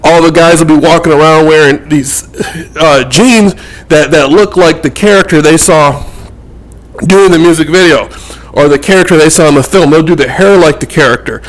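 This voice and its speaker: Rambling man with a higher voice. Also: poor audio. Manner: rambling, repeats words while thinking. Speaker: metaphysical mentor. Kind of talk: casual monologue to camera.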